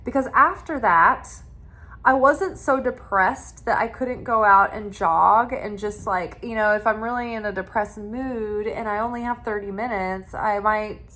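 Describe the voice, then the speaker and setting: A woman's voice: medium pitch, unhurried, sharp tone. Chatty woman telling a personal story. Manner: chatty and rambling, with frequent restarts. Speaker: tarot reader and spiritual channel host.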